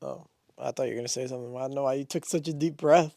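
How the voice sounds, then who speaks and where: A young man co-hosting a podcast, chatting loosely and jokingly, quick to laugh, on a close mic. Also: mid-range voice, vocal fry, warm tone, no echo. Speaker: podcast co-host. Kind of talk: casual chat.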